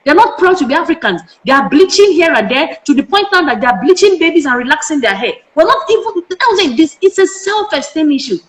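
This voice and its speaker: Emphatic high-voiced Nigerian woman. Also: big pitch swings, fast talker, hardly any pauses. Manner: emphatic, fires rhetorical questions. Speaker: parenting educator, guest. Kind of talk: passionate interview talk. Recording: echoey room.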